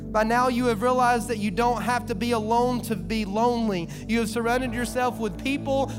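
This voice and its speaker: A man preaching a sermon with passion, sometimes acting out the voices he quotes. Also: extremely high pitch. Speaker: pastor. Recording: music playing behind the voice.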